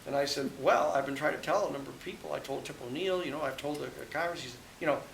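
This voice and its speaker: Speaking fast in a fairly bright, creaky, higher-pitched voice, a public interest lawyer rambles through stories before a live audience at a book talk that includes questions. He restarts often and says "you know" a lot, and the hall is echoey with a faint hiss.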